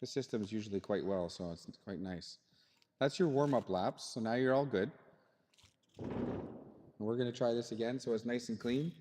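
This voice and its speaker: A man runs a live radio-controlled car race over the loudspeaker, chatting and politely apologizing to the drivers. His voice rings out with long reverb through a large indoor hall. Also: mid-range voice, moderate pace, pauses often, slight background noise. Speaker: race director and announcer. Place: indoor RC race track in a hobby shop.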